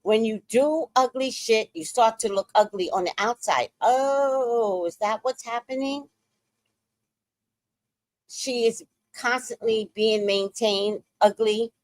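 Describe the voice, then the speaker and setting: A woman's voice: medium pitch, a little slow, no room sound. A woman giving blunt, profane, angry celebrity gossip commentary as a show host.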